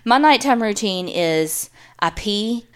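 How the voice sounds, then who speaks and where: A woman co-hosts a podcast in a plain, mid-pitched voice. She reads listeners' stories aloud and chats bluntly, with a casual swear now and then. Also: expressive, slow pace, fairly bright tone, smooth. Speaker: podcast co-host.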